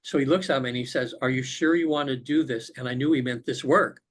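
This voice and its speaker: A man's voice: medium pitch, fast talker. A man, a podcast guest, earnestly recounting a personal spiritual experience over a remote call. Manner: earnest, reflective storytelling. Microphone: remote call connection.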